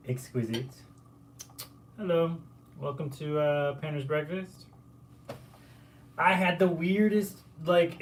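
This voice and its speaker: A man, a painter, chatting casually to camera in a relaxed, rambling way with lots of filler words. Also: mid-range voice, slight background noise. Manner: laid-back and rambling, full of filler words. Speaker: painter and muralist. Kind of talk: casual vlog storytelling.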